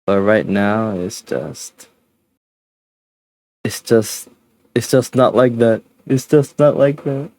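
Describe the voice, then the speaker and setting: A man's voice: on the low side, mellow. A tired, sleepy male streamer winding down his stream in casual chat, rambling and restarting his sentences. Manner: rambling, halting, with many restarts and fillers.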